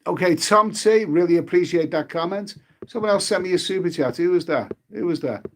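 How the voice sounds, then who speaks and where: A British man hosts a travel live stream, rambling casually, repeating his words, and relying on fillers. His voice is high, expressive, and fairly quick.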